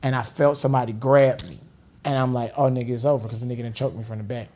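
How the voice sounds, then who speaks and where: A middle-aged man from Los Angeles, a guest on a podcast, tells stories fast into a studio mic, his medium-pitched voice a little mellow with fairly even intonation. He's casual and animated, laughing often and raising his voice to act out other people.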